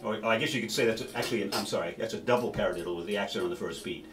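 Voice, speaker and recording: A man's voice: fairly low pitch, very fast, heavy background noise. A man teaching a snare drum solo, counting beats aloud and stopping now and then to correct himself.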